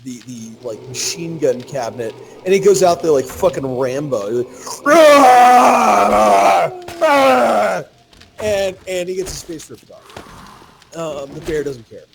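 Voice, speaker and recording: Male gamer, lively profane storyteller, slightly higher voice. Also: normal speed, background noise. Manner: animated storyteller, swears freely. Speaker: gamer telling a story to co-players. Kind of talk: casual gaming chat.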